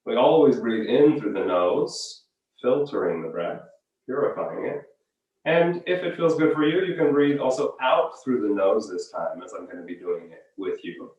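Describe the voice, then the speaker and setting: A man leading a guided breathing exercise as a yoga teacher, giving calm, unhurried step-by-step cues. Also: mid-range voice, lo-fi sound. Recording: very echoey room, voice from far off.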